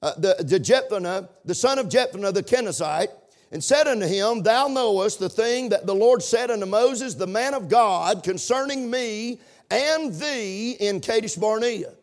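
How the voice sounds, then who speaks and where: A man preaching a sermon, reading scripture aloud and repeating key phrases, who slows down on single words and builds to shouted declarations. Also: high-pitched, animated. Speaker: pastor.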